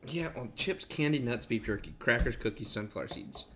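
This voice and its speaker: A man's voice: medium pitch, lively intonation, brisk, a bit bright, slight background noise. A man co-hosting a podcast in casual banter, laid-back and laughing, often stumped for an answer. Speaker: podcast co-host.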